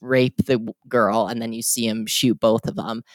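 A man's voice: medium pitch, little pitch movement, normal speed, no room sound. A man co-hosting a casual film discussion, chatty and opinionated, with frequent fillers and restarts. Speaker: podcast co-host.

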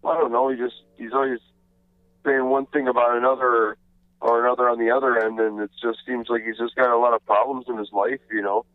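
A man's voice: mid-range voice, level tone, fairly quick, no echo. A male caller telling a meandering, overly apologetic comic story over the phone. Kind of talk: rambling comic call-in story. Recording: tinny phone line.

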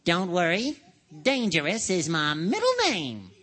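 A man's voice: high-pitched, very animated, unhurried, a bit bright, heavily acted. A man voicing a cheery, brave young male sea sponge in an earnest, reassuring tone, read from a storybook. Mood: bold.

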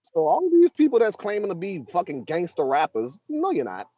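A man's voice: high-pitched, brisk. Man calling in from a car. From Southern US. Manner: profane, excitable running commentary. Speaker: podcast co-host. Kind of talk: casual crude banter. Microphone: phone call. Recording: muffled phone line, faint noise.

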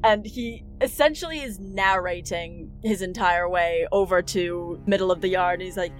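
A woman's voice: on the low side, moderate pace, few pauses, faint music behind. A woman narrating as dungeon master in a tabletop game, vivid and playful.

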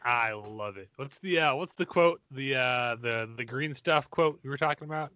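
A man's voice: medium pitch, moderate pace, sharp tone, smooth, dry recording. Rambling, chuckling male podcast host. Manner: rambling, laughing, self-mocking. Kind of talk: casual chat.

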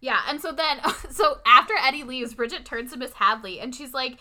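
A woman casually recapping a TV episode with a co-host, retelling scenes through quick quoted lines. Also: high-pitched, pushed and bright.

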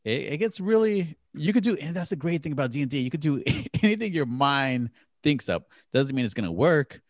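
A man's voice: fairly high pitch, very animated, a little fast, no room sound, studio quality. A man co-hosting a podcast in casual chat, talking enthusiastically and laughing often. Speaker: podcast co-host.

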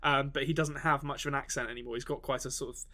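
A man's voice: mid-range voice, steady tone, fast, sharp tone. A man co-hosting a podcast in casual chat, talking with frequent fillers and restarts. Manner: hesitant, many restarts and fillers. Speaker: podcast co-host.

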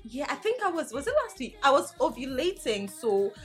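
A woman's voice: sits high, very animated, brisk, soft background music. A young woman hosting a podcast in a studio, talking in a bold, giggly way and asking blunt questions. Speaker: podcast host. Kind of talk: candid casual chat.

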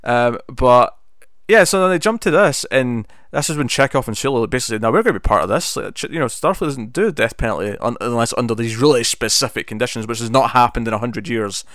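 A medium-pitched man, animated, quick and fairly bright, co-hosts a casual podcast in clean studio sound with no room sound. He reviews a TV episode, retelling its scenes in bursts of animation.

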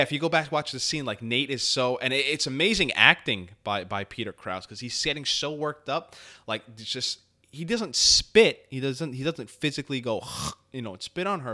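Bright-voiced man rambling in casual chat. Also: medium pitch, moderate pace. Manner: rambling, animated, swears freely. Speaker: podcast co-host.

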